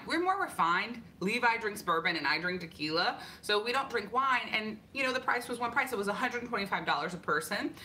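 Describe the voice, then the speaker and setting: A woman's voice: mid-range voice, a little hiss or hum. A woman co-hosting a casual show, chatting and laughing with viewers. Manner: lively, laughing, greets viewers. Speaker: podcast co-host. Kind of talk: casual chat with live viewers.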